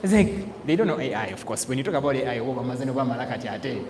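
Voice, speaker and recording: A man giving a lively sales training talk, acting out laughs and quoted voices. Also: mid-range voice, fast talker, a little hiss or hum. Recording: echoey hall with faint ambience.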